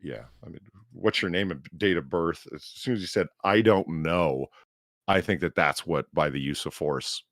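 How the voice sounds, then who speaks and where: A man co-hosting a live-stream podcast, ranting in an animated, profane way. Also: low voice, normal speed, gravelly, hardly any pauses, dry recording, clean studio sound. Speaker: podcast co-host. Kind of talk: casual live-stream chat.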